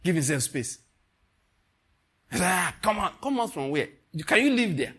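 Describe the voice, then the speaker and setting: A Nigerian man preaches with high, husky energy. He laughs often and swings between hushed asides and loud, soaring exclamations. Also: sing-song, a little slow. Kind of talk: sermon.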